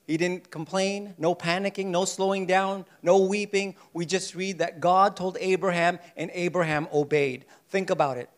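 High-voiced male preacher, animated, plays out the story's lines. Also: moderate pace, few pauses. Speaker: pastor. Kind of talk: sermon.

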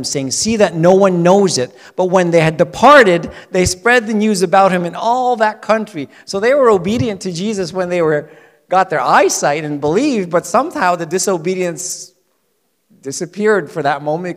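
A man delivers a sermon in a voice pitched a little high. He swings from hushed, tender quotes to loud, emphatic peaks. His voice rings with the long reverb of a church hall. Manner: expressive preaching, dropping soft for quotes and rising loud for emphasis. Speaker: pastor.

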